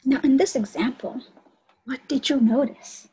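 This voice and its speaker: A woman's voice: high voice, unhurried, dark tone, husky, rough recording. A woman college instructor giving an online lecture and explaining teaching steps to her students.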